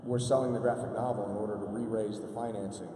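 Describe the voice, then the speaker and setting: A middle-aged man, a convention panel guest, telling relaxed anecdotes. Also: on the low side, fast talker. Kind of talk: storytelling on a panel. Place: large convention hall. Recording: echoey hall from far off.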